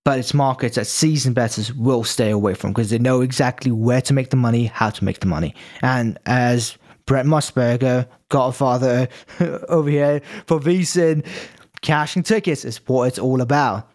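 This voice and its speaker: A man with a non-native English accent, co-hosting a betting podcast and calmly laying out his picks. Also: mid-range voice, normal speed. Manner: matter-of-fact, repeats key figures. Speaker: betting analyst co-host. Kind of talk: casual sports betting chat.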